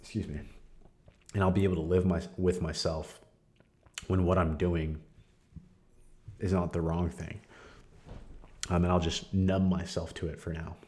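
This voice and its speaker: A young man hosting a podcast, sharing a candid personal testimony in a casual, conversational way with frequent fillers and soft laughs. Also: deep voice, flat delivery, measured pace, long pauses. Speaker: podcast host.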